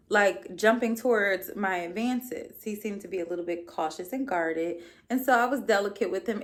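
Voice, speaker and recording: A young adult woman hosting her own podcast, giving a casual solo recap in a sassy, blunt and profane way with playful asides. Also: mid-range voice. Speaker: podcast host.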